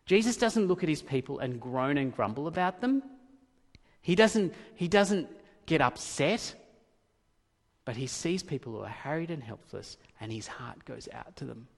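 Gravelly preacher in a reverberant hall. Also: male voice, fairly high pitch, lively intonation, moderate pace. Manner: emphatic, repeats key phrases, swings from loud to hushed. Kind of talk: sermon.

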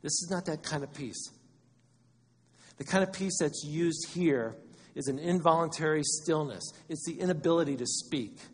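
A man preaching a sermon as pastor, animated and conversational, acting out quotes as he goes. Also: medium pitch, slightly rough, long reverb tail.

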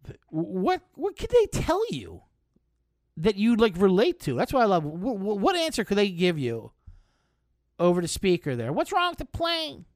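A man's voice: high-pitched, wildly swooping pitch, moderate pace, darkish tone, dry recording, studio quality. A man hosting a podcast, riffing in a casual, profane, comedic storytelling style with frequent laughs. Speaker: podcast host. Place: touring, recorded while traveling.

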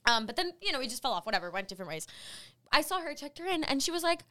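Young woman co-host, bright and high-pitched, acts out every quote. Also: rapid-fire. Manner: animated storyteller, acts out quotes. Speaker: podcast co-host. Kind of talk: casual chat. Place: radio station studio.

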